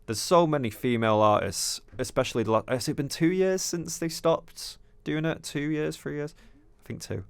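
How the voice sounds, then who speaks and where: A man's voice: fairly high pitch, normal speed, gravelly, hardly any pauses, smooth, no echo. A young man hosting a podcast, ranting heatedly and swearing in casual chat. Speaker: podcast host.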